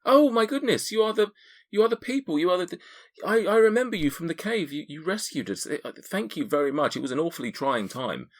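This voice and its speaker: A man's voice: sits high, very animated, a little fast, voice pushed up, full character voice. A man voicing an older female tiefling midwife in a tabletop game, stammering and motherly. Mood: flustered.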